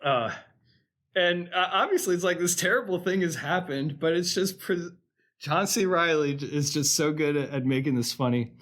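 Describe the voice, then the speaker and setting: A man's voice: fairly high pitch, moderate pace. A man co-hosting a podcast, chatting casually about a movie, retelling scenes with animation and frequent laughter. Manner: animated storytelling, laughing often, acting out quotes. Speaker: podcast co-host. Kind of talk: casual film discussion.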